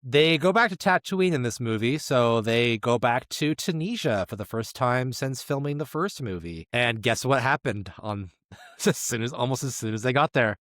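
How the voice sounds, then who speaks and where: A man's voice: medium pitch, expressive, moderate pace, fairly bright tone, no room sound, clean studio sound. A man co-hosting a film podcast in casual chat, joking and stumbling over place names. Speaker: podcast co-host.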